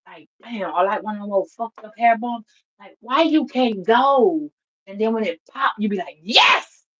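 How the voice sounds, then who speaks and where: A woman giving a casual spiritual reading, blunt, profane and animated, laughing often. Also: mid-range voice, moderate pace, highs cut off. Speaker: tarot reader.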